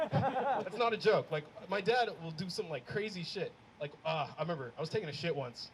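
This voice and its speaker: A man's voice: sits high, moderate pace. A man performing a stand-up comedy set live, acting out family arguments with big swings in his delivery. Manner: animated, acts out family quarrels with big swings. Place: live comedy show before an audience. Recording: crowd laughter over a noisy live room.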